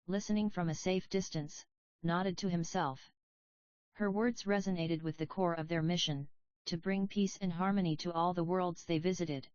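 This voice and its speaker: A woman reading fan fiction aloud in steady scripted narration, on a dull, dry lo-fi recording. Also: on the low side, no echo. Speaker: reader.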